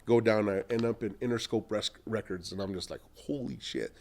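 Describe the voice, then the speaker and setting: A middle-aged man, an entrepreneur, telling long animated anecdotes in a podcast interview and acting out what other people said. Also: fairly low pitch, fairly quick. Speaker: entrepreneur guest.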